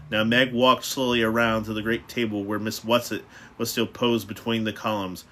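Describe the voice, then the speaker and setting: A man's voice: on the low side, little pitch movement, normal speed, pushed and bright, a little hiss or hum. A man reading a novel aloud, with frequent stumbles and restarts. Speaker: reader.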